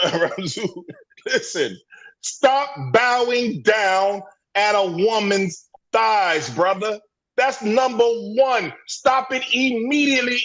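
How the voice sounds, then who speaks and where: Over a rough livestream video call recording, a man with a high, fairly bright voice speaks up in a heated men's discussion group. His delivery is preachy and emphatic, full of repeated words and sentences he begins again.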